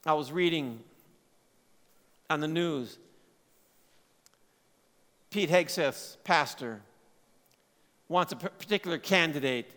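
Bright high-voiced male preacher in a hall. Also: slow pace, long pauses. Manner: swings from loud emphasis to quiet, low asides. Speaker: pastor. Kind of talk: sermon. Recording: long hall reverb.

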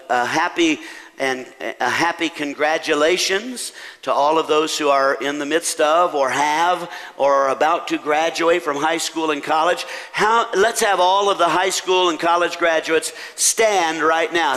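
A middle-aged man leading a church service as pastor, praying and welcoming his congregation, his voice rising and growing louder when he rallies the room. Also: a little high. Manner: warm pulpit delivery, rising loud when rallying the congregation. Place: church sanctuary. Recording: long church reverb with faint instrumental music.

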